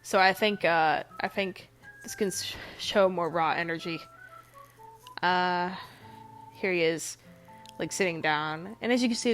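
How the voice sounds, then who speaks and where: A woman with a lowish, stuffed-up voice rambles through a relaxed voice-over about her art, full of swearing and half-finished thoughts. Soft music runs quietly underneath. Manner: rambling, loose and swearing a lot. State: congested, nasal. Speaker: artist narrating her drawings. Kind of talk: casual voice-over chat. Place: home recording, voice-over over drawing footage.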